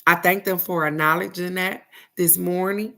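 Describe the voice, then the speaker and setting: A middle-aged woman doing a casual live-stream card reading, loud and animated, swearing freely and laughing big. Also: lowish voice, normal speed. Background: faint background music.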